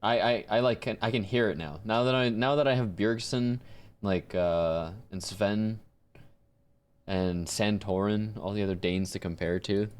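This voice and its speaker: Guy streaming, lowish voice, rambling casual chat, echoing lines he hears. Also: unhurried, a little hiss or hum. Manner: musing aloud, mimicking clips. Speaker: streamer and voice actor.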